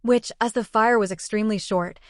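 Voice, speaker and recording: A woman narrating a storybook in an even, measured way. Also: a little high, no room sound, studio quality.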